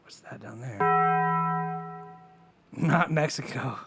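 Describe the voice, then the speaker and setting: A man co-hosting a casual podcast chat, excited and swearing freely as he nerds out. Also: medium pitch, slow pace, gravelly, over loud music. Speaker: podcast co-host.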